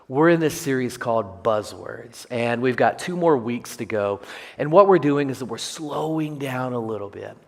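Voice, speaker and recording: A male pastor preaching a sermon, telling a personal story in an animated, self-deprecating way. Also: medium pitch, in a large hall. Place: church sanctuary.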